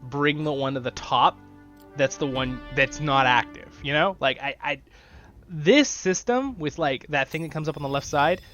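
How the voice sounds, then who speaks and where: A man casually commentating his strategy gameplay, chatty and excitable, talking straight to his viewers. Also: a little high, normal speed. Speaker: gaming channel host. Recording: dull lo-fi sound with faint music.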